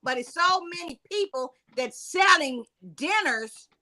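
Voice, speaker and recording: A woman's voice: high-pitched, lively intonation, measured pace, bright, forceful tone. Chatty older Southern woman. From Louisiana. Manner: chatty, repeats phrases for emphasis. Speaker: host. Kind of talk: casual chat, reading tips aloud.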